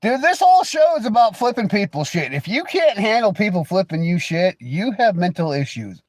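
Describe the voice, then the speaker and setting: Loud-mouthed american guy razzing his chat, bouncy pitch all over. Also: very animated, normal speed, dry recording. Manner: crude, teasing, mocking banter. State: coughing. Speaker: livestream host. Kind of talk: casual livestream chat.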